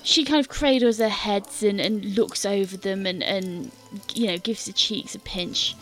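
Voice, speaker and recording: A woman's voice: mid-range voice, a little slow, a bit bright, faint music behind. A woman game master narrating a tabletop scene in detail, with many fillers and hesitant restarts.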